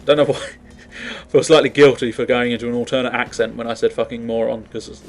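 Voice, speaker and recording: A gaming commentator talks fast in a steady, mid-range voice, rambling casually as he plays. He swears freely and laughs at himself.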